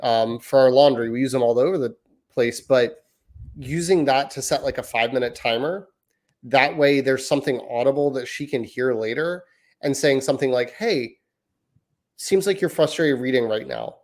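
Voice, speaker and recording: A man's voice: medium pitch, fairly even intonation, normal speed, darkish tone. A man in his thirties co-hosting a parenting podcast, talking through ideas in long, hedging, winding sentences. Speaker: podcast co-host. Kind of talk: casual parenting chat.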